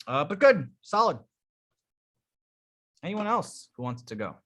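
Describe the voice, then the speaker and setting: Guy coaching a live dating class, kinda high voice, punchy and bright, keeps repeating words as he goes. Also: unhurried. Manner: energetic, emphatic, restarts words often. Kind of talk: live group coaching feedback.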